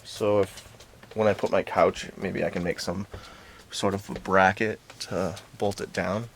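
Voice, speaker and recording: A man with a lowish voice talks slowly through a camper floor repair, half to himself and half to the viewer. He sounds a little winded from the heat inside the camper, and a faint hiss sits under his voice. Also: fairly even intonation. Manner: unhurried, talks to himself while working. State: out of breath. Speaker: DIY restoration vlogger. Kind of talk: casual work commentary. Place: inside a hot vintage camper.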